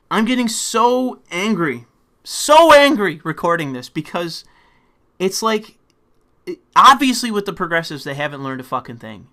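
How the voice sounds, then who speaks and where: A young man delivering an angry, profane political rant as a commentator, breaking into shouting bursts. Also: high-pitched.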